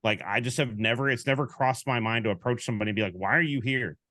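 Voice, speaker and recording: A man co-hosting a sports talk show, chatting casually and animatedly. He tells anecdotes by acting out each side of the conversation. His voice sits at an everyday middle pitch and sounds close and dry. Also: fast, no room sound. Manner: animated storyteller, acts out quoted exchanges. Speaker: podcast co-host.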